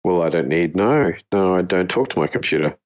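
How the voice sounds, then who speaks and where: Male co-host, low voice with lively swings, quick questioning reactions. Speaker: podcast co-host. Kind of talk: casual tech podcast chat.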